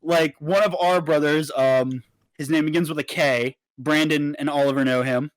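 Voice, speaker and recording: A young man co-hosting a podcast, telling a story in a casual, animated way and swearing freely. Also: fairly high pitch, normal speed, no room sound. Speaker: podcast co-host.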